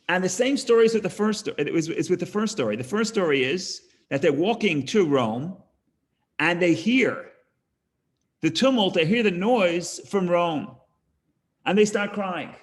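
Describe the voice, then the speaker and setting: A man teaching a text-study class, explaining with animated emphasis, often restarting phrases and trailing off quietly. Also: sits high, moderate pace. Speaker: Torah teacher.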